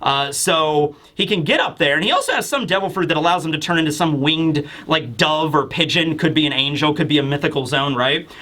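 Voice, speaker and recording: A man rambles through a comic chapter review in a bright, high voice. He speculates loosely with lots of fillers and slips into character voices. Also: fairly quick, few pauses. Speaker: manga reviewer.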